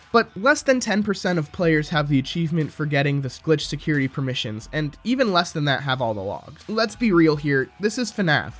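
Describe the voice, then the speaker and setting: A man's voice: a little high, fairly bright tone. A man delivering scripted, critical video commentary in a sarcastic, opinionated manner. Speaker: video essayist. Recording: music bed underneath.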